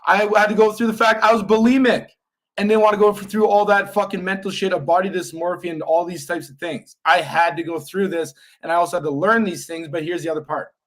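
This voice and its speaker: Young man, co-host type: slightly raised pitch, blunt, profane, motivational push. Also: steady tone, fast, fairly bright tone. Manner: blunt, emphatic, swears constantly, motivational lecturing. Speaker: podcast co-host. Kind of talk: casual podcast chat.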